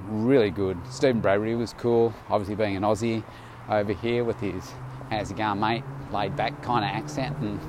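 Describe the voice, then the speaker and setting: A man's voice: fairly low pitch, darkish tone, a little hiss or hum. A tired man casually recording an audio diary outdoors, rambling loosely with many fillers and restarts. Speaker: vlogger.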